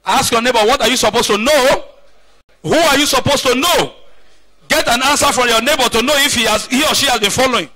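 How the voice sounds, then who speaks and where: High, bright-voiced preacher. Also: male voice, fairly quick, dry recording. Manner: emphatic preaching with repeated call-and-response questions. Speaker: pastor. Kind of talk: sermon. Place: church.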